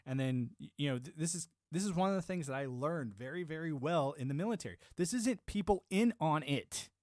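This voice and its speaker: A man's voice: a little high, lively intonation, a little fast, a little mellow, dry recording, clean studio sound. A man from the United States streaming a casual, rambling monologue, emphatic and prone to repeating words as he restarts his thoughts.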